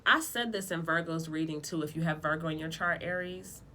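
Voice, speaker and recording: A woman giving a casual tarot reading, talking bluntly in lively slang with plenty of profanity. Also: deep voice, fairly quick. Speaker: tarot reader.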